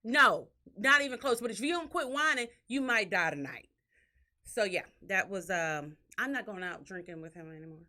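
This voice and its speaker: A woman hosting a podcast, telling stories in a casual, profane way and acting out what others said. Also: moderate pace. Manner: animated, profane, acts out quotes in a shrill crying voice. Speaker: podcast host. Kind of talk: casual storytelling chat.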